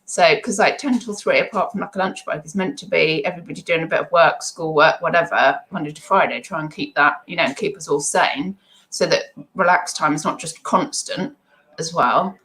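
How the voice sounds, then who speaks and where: A woman's voice: sits low, brisk, a bit bright, poor audio. Rambling woman streaming live. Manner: rambling, self-deprecating stream of consciousness. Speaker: eBay seller livestreaming.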